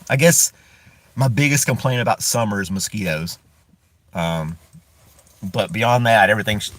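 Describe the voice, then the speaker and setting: A talkative man from the United States chats through a live stream, his pitch moving up and down a lot. He often breaks into chuckles as he rambles. The sound is dry and close, as if he is sitting inside his parked car. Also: a bit bright, dry recording. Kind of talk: casual live-stream chat.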